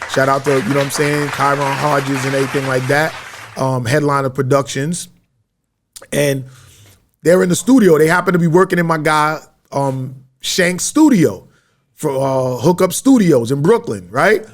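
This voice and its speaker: A man's voice: on the high side, normal speed. A man hosting his podcast in a media studio, telling a rambling story in slang-heavy street talk. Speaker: podcast host. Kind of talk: casual storytelling monologue.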